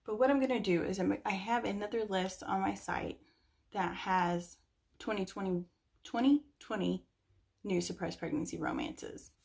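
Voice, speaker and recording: A woman's voice: medium pitch, normal speed, vocal fry, darkish tone. A young woman chatting casually about books she recommends, rambling a little with lots of fillers. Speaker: book reviewer. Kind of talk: casual chat.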